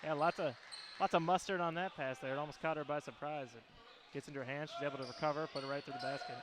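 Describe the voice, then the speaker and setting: A man with a Midwestern accent giving quick, chatty color commentary on a basketball game. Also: fairly high pitch, steady tone, background noise. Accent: Midwestern American.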